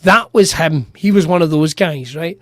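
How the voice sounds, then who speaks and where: Comic host, higher-pitched, animated sweary raconteur, dry booth sound. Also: male voice, normal speed, no echo. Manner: animated, swearing, laughs through his stories. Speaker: comedian podcast host. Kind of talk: casual storytelling chat.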